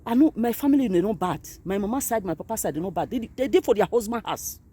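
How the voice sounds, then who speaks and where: A Nigerian woman with a Nigerian Pidgin English accent, talking to her camera at a cemetery, moving between quiet grief and loud, animated outbursts. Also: medium pitch, fast talker, breathy edge. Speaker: vlogger. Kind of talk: emotional direct-to-camera monologue. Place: outdoors at a cemetery.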